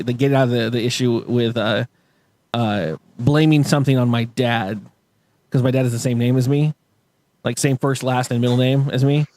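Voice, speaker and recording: A man's voice: medium pitch, a little mellow. A man telling stories on a casual podcast, rambling with many fillers and restarts and laughing often. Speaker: podcast co-host.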